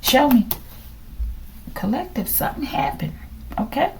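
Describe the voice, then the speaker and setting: Middle-aged woman tarot reader with a high, mellow voice who muses and questions aloud. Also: big pitch swings, measured pace, a little hiss or hum. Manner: musing aloud, asks questions, drops into whispers. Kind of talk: casual tarot reading to viewers.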